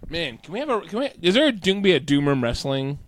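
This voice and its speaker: A man co-hosting a casual beer-tasting podcast with a goofy, drawn-out, jokey delivery. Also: a little high, very animated. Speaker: podcast co-host.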